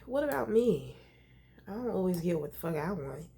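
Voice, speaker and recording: A woman's voice: lowish voice, big pitch swings, moderate pace, vocal fry, mellow, a little hiss or hum. A woman vlogging casually, venting with frustration and swearing freely while sick and nursing her throat.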